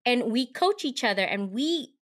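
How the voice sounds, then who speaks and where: A woman's voice: on the high side, very animated, moderate pace. A woman co-hosting a podcast, talking in a casual, candid and reflective way, with frequent restarts. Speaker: podcast co-host.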